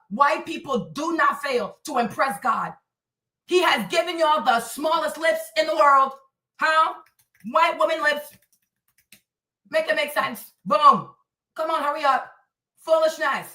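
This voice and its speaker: High, bright-voiced woman preaching a livestream rant. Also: measured pace, pauses often, distant mic. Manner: preachy, repetitive, hammering rhetorical questions; thanks viewers for donations mid-rant. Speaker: livestream host. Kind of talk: heated political commentary livestream. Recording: echoey room, voice away from mic.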